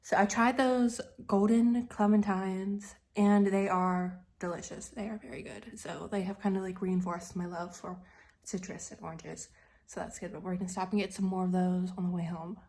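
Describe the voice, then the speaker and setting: A woman's voice: mid-range voice, steady tone, moderate pace, darkish tone. Chatty young woman vlogging. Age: 20s. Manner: chatty, rambling, lots of "like". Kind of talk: casual vlog chat.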